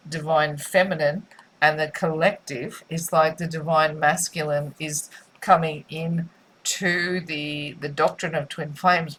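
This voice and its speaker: A woman's voice: low voice, a bit bright, low-quality recording. A woman giving a spiritual tarot reading, musing and repetitive in a soothing way. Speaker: tarot reader.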